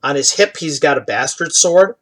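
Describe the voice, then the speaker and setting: A man narrating as game master, describing scenes in a relaxed, halting way with fillers. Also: fairly high pitch.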